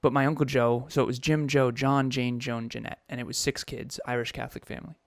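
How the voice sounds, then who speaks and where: A man in his thirties shares a deeply personal story on a podcast. His voice sits at an ordinary male pitch, and he talks in a raw, confessional way, looping back and restarting as he searches for words. The sound is close and dry, with no room around it. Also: flat delivery, a little fast, no echo. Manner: emotional, confessional, with frequent restarts. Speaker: podcast co-host.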